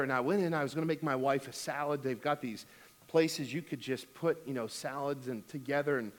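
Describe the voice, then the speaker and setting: A middle-aged man preaching a sermon as pastor, telling a funny family story and then urging giving with emphatic exhortation. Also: medium pitch.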